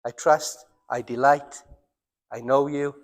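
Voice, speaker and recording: Welsh pastor preaching in a reverberant hall. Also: male voice, mid-range voice, steady tone. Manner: earnest, slows down and drops to near silence for emphasis. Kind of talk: sermon. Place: church.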